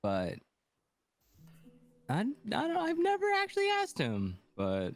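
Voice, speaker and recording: Hesitant speaker with a lively pitch. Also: slow. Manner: hesitant, soft, trailing off. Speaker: podcast guest. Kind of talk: casual chat.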